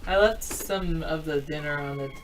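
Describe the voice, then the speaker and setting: A woman speaking casually and softly, in everyday household talk. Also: low-pitched, normal speed, distant mic, a little hiss or hum, poor audio.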